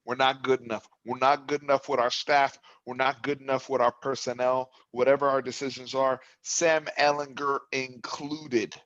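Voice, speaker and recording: Bright-voiced man ranting about football. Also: medium pitch, flat delivery, moderate pace, few pauses, muffled recording. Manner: impassioned, builds to yelling. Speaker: sports talk host. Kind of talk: postgame fan reaction talk.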